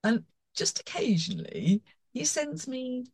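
A woman, a former marketing director, chatting as a guest on a podcast in a lively way, acting out reactions as she talks. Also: on the low side, brisk, slightly rough. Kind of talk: casual podcast discussion.

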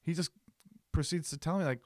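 A man co-hosting a podcast, chatting casually and telling an anecdote with lively voices for the people in it. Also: a little high, brisk, no echo, studio quality. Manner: animated, mimics voices in his stories. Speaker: podcast co-host. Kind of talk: casual chat, storytelling.

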